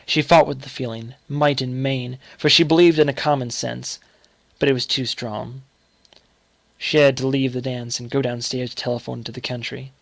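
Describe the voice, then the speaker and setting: Gravelly man narrating a story. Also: mid-range voice, fairly even intonation, a bit bright, dry recording. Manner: measured, dramatic storytelling. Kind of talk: scripted narration of a short story.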